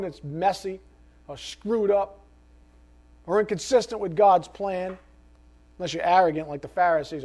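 A man preaching a sermon as pastor, swinging from soft asides to loud, impassioned exhortation. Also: high voice, moderate pace, long pauses.

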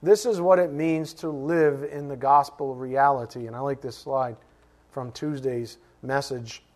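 A middle-aged man preaching a sermon, animated, asking rhetorical questions and dropping suddenly to a hush. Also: medium pitch, a little slow. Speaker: pastor.

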